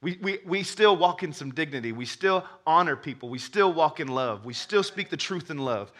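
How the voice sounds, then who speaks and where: A man preaching with a very bright, ringing voice set a little high. He tells the story with energy and acts out its characters. He often stumbles and repeats words as he starts a sentence. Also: normal speed. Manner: animated storytelling, acts out characters, laughs with the crowd; stammers when starting sentences. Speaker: pastor. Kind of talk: sermon.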